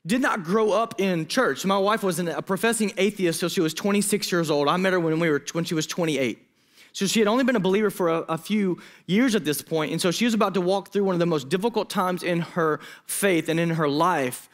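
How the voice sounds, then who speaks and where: A man's voice: sits high, fairly quick. Emotional storytelling man preaching. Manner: personal, emotional storytelling with asides. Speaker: student pastor. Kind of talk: sermon. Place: church hall.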